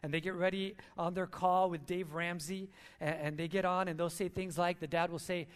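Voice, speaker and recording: A man with a notably high-pitched voice preaches a sermon. He talks in an earnest, storytelling way, as a speaker addressing his church. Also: fairly even intonation, a little fast, hardly any pauses.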